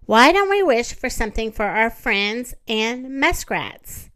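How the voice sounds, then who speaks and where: A woman's voice: on the high side, very animated, a little slow, a bit bright, no room sound. A woman voicing a friendly, curious boy rag doll in a storybook reading.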